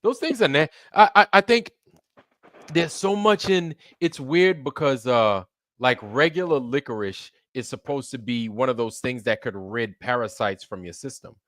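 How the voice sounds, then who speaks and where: A man's voice: medium pitch, normal speed, no echo. A middle-aged man from Brooklyn co-hosting a livestream, chatting casually and swearing freely. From Brooklyn, New York. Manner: animated storytelling, swears freely. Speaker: co-host.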